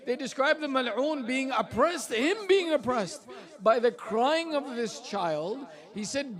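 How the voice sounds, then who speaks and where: A man's voice: very high voice, lively intonation, takes it slowly, fairly bright tone. A male preacher reciting a mournful, elegiac sermon that swells into impassioned cries.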